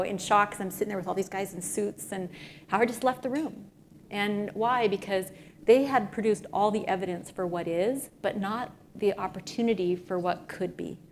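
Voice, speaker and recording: Woman, middle-aged, lively storyteller, lots of fillers, faint background noise. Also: medium pitch. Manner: energetic storytelling with frequent fillers. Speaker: speaker at a business event. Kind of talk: talk to an audience.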